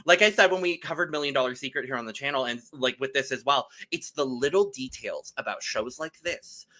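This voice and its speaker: Bright, forceful male podcast co-host. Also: medium pitch, a little fast. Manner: enthusiastic, gushing chat with fillers. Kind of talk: casual podcast interview.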